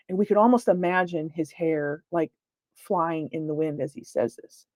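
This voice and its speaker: A woman paranormal investigator gives an informal virtual lecture, speaking conversationally with lots of fillers and restarts. Her voice is low and darkish, at normal speed, with no room sound. She is recorded on a computer mic during a video call.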